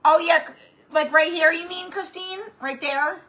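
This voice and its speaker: Her very high-pitched voice sounds pushed and bright, with fairly even intonation and an unhurried pace. She hosts a live-stream craft tutorial for her craft channel, chatting and rambling as she greets viewers by name.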